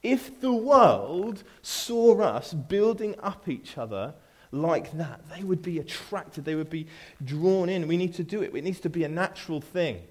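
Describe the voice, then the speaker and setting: A man's voice: fairly high pitch, expressive, a little slow. A man preaching to his church, speaking casually with frequent restarts and playful asides. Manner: conversational, repeats words and restarts, playful asides. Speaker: pastor. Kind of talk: sermon.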